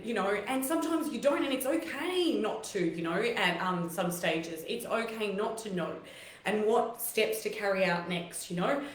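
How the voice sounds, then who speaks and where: A tearful woman hosts a live stream in an echoey room, her voice rougher and deeper than usual. She speaks at a middle pitch, heartfelt and encouraging, and rambles through fillers and restarts. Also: a bit bright. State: emotional and close to tears. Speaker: host of a live online talk show. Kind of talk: live-stream motivational talk to viewers.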